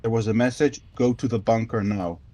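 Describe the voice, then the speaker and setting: Mellow, low-voiced explaining man. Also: steady tone, a little fast. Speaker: panelist. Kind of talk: casual discussion.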